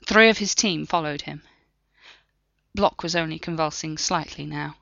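Low-voiced woman reading a thriller story. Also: creaky, no echo, lo-fi sound. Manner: steady, measured reading. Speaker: audiobook narrator. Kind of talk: scripted narration.

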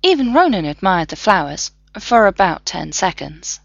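Expressive woman reading a story aloud. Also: mid-range voice, normal speed, gravelly, no echo, highs cut off. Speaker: reader. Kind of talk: reading fan fiction aloud.

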